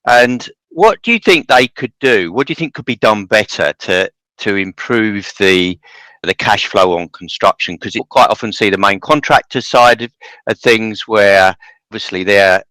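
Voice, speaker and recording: A man's voice: fairly low pitch, normal speed, sharp tone, dry recording, rough recording. A man hosting a podcast, talking in long rambling turns with many restarts. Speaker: podcast host. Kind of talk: casual podcast interview.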